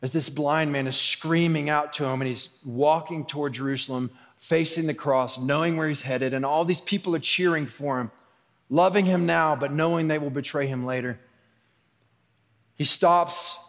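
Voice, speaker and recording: A man preaching a sermon as pastor, talking in a loose conversational way that swings between soft asides and raised emphasis. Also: fairly high pitch, fairly even intonation, moderate pace. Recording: long hall reverb.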